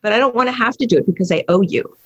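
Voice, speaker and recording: A man's voice: sits high, very fast, a bit bright, breathy edge, no room sound, lo-fi sound. A woman voicing her young son, who speaks plainly and matter-of-factly. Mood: blunt.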